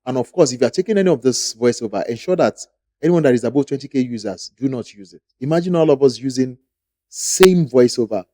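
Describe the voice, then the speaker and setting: A man's voice: mid-range voice, animated, fast talker, dark tone. A man hosting a casual screen-share commentary about online videos, emphatic and often repeating words for stress. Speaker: YouTube creator and host.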